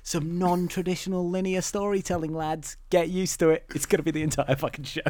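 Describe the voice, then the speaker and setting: A man co-hosting a podcast, recapping a TV series in animated, swearing, casual chat. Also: high-pitched, fairly quick. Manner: animated, swearing, laughing storyteller. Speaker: podcast co-host.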